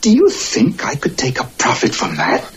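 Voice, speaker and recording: A man's voice: mid-range voice, huge pitch swings. A stern old father. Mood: grave, firm. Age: older. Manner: grave, measured, moralizing. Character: stern principled elderly father. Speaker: father in a classic film. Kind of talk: 1950s film acting.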